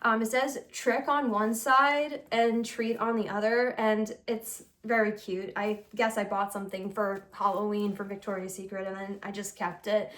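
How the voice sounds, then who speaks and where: A woman's voice: mid-range voice, level tone, moderate pace, hardly any pauses, a bit bright. A young woman who reads tarot, chatting casually to camera in a rambling, confessional way, full of fillers and giggles. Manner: earnest and confessional. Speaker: tarot reader and channel host. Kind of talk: casual vlog chat.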